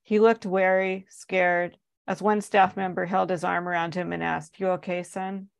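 A woman's voice: on the low side, level tone, a little slow, gravelly, no echo. A woman, an author, reading aloud from her own memoir in an earnest, emotionally charged way.

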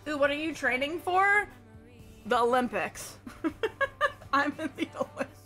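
A young woman streaming a game live, bubbly and giggly, chatting to viewers and now and then bursting into excited shouts. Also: sits high, a little slow. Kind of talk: live gaming stream chat. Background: game music.

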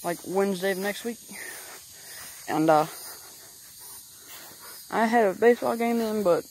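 Filming a laid-back home vlog on a handheld camera, this young vlogger talks in a high, unhurried voice with a light Southern US accent. He wanders from thought to thought and leans heavily on "like" as filler, all captured in noisy home footage.

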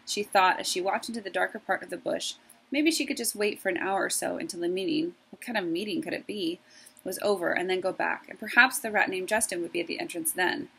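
A woman teacher reading a novel aloud to her class in a steady storytelling voice. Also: fairly low pitch, brisk, vocal fry, husky, rough recording.

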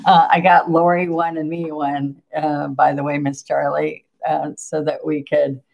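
A woman's voice: low voice, little pitch movement, a little slow, vocal fry, darkish tone, dull audio. An older woman, hosting a casual live painting lesson, chatting and laughing as she greets viewers. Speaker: painting instructor hosting a livestream.

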